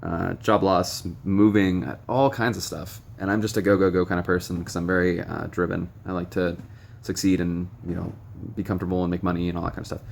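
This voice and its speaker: A man's voice: low-pitched, little pitch movement, a little fast, vocal fry, few pauses, a little hiss or hum. A young man vlogging recovery advice in a frank, rambling way with many ums and some blunt swearing. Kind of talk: casual direct-to-camera monologue. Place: noisy room with stray tapping and beeping.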